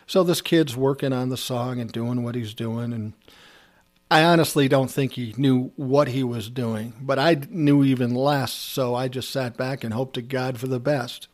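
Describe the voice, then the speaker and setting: A man's voice: mid-range voice, steady tone, moderate pace, darkish tone. A man telling a casual anecdote from his time as a music producer, acting out the dialogue and swearing freely. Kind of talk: casual spoken storytelling.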